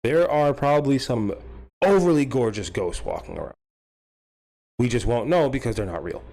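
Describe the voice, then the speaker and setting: A man's voice: mid-range voice, animated, moderate pace, warm tone. Rambling, profane male comic ranter. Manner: rambling, profane, laughs at his own jokes. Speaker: stream host. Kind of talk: casual comedic rant.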